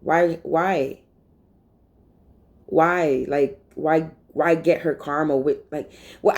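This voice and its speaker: A woman's voice: on the low side, slow, low-quality recording. Blunt, profane woman ranting casually. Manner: blunt, profane, rambling, animated. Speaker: vlogger. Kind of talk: casual monologue.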